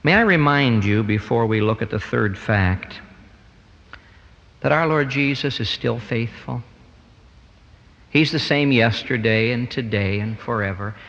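A man preaching a sermon, swinging between quiet stretches and loud emphatic peaks. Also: unhurried, gravelly, big-room sound, dull audio. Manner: dramatic swings in pitch and loudness, rising to emphatic peaks.

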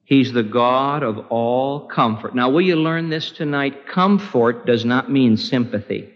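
A man preaching a sermon with impassioned, pleading delivery, his voice climbing high in prayer. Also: a little slow. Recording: dull lo-fi recording with long hall reverb.

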